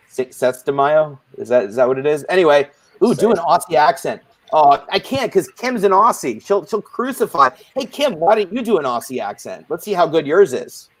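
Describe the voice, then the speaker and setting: A man's voice: fairly high pitch, big pitch swings, normal speed, no echo. Playful rambling male panel host. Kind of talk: casual live-stream support group hosting.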